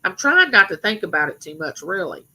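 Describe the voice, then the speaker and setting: A middle-aged woman with a rough voice, rambling chattily to her viewers as host of a live stream. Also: on the low side, very animated, fairly quick, sharp tone, rough recording. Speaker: livestream host. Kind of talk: casual live stream chat.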